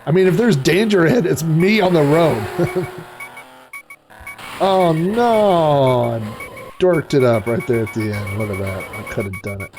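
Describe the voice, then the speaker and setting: A man's voice: fairly high pitch, lively intonation, a little slow, music in the background. A middle-aged man streaming retro racing games, chatting in a rambling way and cracking dad jokes. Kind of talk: casual live-stream commentary.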